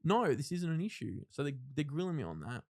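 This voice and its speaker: A man's voice: fairly high pitch, wildly swooping pitch, brisk, a little mellow. Man, thirties, podcast guest: blunt, rambling storyteller with lots of restarts and casual swearing. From Australia. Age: 30s. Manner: rambling, self-interrupting retelling with frank swearing and acted-out quotes. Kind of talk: casual interview, personal storytelling.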